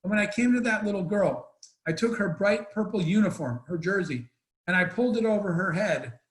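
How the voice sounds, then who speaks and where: A man's voice: high-pitched, lively intonation, fairly quick, echoey room, rough recording. A man telling an emotional story as a guest speaker in an online Q&A, earnest and rambling with restarts, over a video call.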